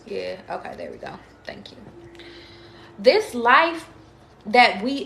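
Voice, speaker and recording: Casting: bright, fairly high woman, chatty tarot reader on a live stream, swears freely, echoey room. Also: wildly swooping pitch, measured pace, vocal fry, pauses often. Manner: chatty, emphatic, swearing freely, addresses viewers by name. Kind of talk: casual live tarot reading to viewers. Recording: echoey room with faint noise.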